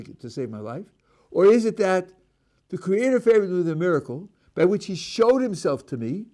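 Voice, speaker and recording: An older rabbi teaches a Torah class, peppering it with Hebrew religious terms. He's animated, voicing the speakers in his examples with rising and dropping pitch.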